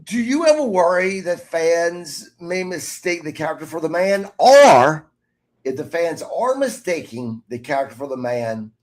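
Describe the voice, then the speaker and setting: A man's voice: fairly high pitch, big pitch swings, measured pace. A man hosting a wrestling podcast, asking thoughtful interview questions between short agreeing replies. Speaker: podcast host.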